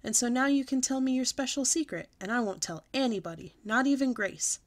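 A woman's voice: high voice, fairly quick, pitched above the performer's own voice, lightly acted. A woman reading a storybook aloud and voicing a sly little schoolgirl who coaxes in a half-whispered voice.

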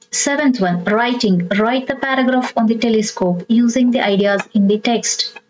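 Indian English woman teacher, higher voice, slow deliberate lesson delivery, muffled lo-fi recording. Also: darkish tone. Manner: slow, deliberate reading of exercises. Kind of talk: textbook lesson explanation.

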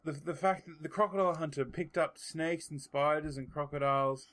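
A man's voice: a little high, fairly even intonation, brisk, fairly bright tone. Rambling Australian man hosting a podcast. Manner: rambling, swears casually, trails off mid-sentence. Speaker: podcast host. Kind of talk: casual chat.

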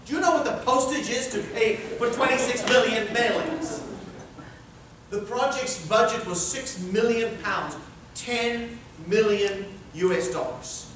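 Male pastor, lively storyteller, high voice, far from the mic in a very echoey hall. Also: a little slow, background noise. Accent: Scottish-rooted. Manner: animated storyteller acting out dialogue. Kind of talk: sermon storytelling. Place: church hall.

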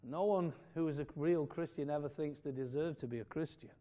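A man preaching a fervent sermon in a church, swelling to loud emphatic peaks and dropping to quiet asides. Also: a little high, fairly quick. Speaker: pastor.

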